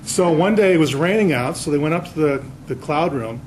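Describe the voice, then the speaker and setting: A man's voice: fairly high pitch, expressive, a little fast, a little mellow, slight background noise, rough recording. A man, an author, giving a casual slide lecture to an audience, telling anecdotes and quizzing the crowd. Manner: chatty storyteller, quizzing the audience.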